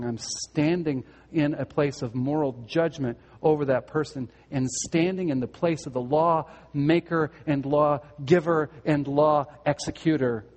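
A man's voice: mid-range voice, a little mellow, long reverb tail. A man preaching a sermon, earnest and direct, putting questions to his listeners and repeating words as he goes. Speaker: pastor.

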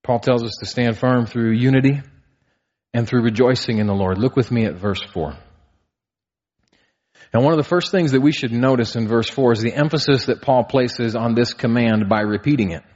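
A man's voice: mid-range voice, darkish tone. Guy pastor in his 30s preaching, earnest, lots of rhetorical questions, bit muffled sound. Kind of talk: sermon. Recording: slightly dull, muffled sound.

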